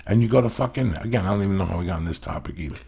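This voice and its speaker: Very fast and expressive, this middle-aged man's low voice is gravelly, mellow and slightly rough. Hosting a podcast, he rambles through stories in a relaxed chat, cursing nonstop and pushing his points hard.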